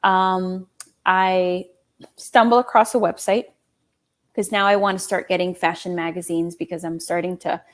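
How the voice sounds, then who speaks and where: A woman in her thirties telling her own story in an interview, animated, laughing often and acting out quoted dialogue. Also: lowish voice, moderate pace. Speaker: guest, small business owner and designer.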